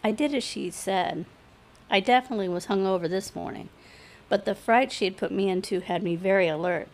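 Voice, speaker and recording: A woman narrating a first-person story aloud in a steady, matter-of-fact reading voice. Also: mid-range voice, brisk. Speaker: story reader.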